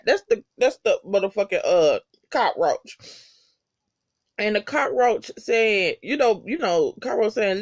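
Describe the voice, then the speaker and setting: Episode recapper: loose and slangy, with lots of cursing and a lively, swooping pitch. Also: a little slow. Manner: animated, heavy swearing, slangy. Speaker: TV episode reviewer. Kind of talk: casual profane episode recap.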